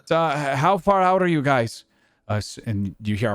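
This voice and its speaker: A man is the game master of a tabletop role-play session, describing scenes and calling for dice rolls. He narrates casually and loosely, and his pitch swings in animated arcs. The sound is dry, as if close to the mic. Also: normal speed, clear, resonant tone, dry recording.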